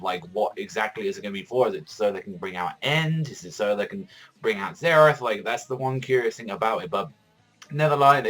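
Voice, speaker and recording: A man giving a casual video review of a manga chapter, talking in a rambling, excitable way and swearing a lot. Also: medium pitch, rough recording.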